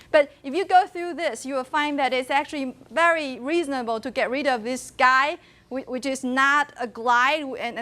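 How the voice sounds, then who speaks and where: High-voiced woman lecturing. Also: a bit bright. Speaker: university linguistics lecturer. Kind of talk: classroom lecture. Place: classroom.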